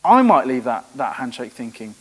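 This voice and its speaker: A man's voice: medium pitch, big pitch swings, moderate pace, slightly rough. A man giving a frank, earnest church talk in conversation with a host. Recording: echoey room with long reverb.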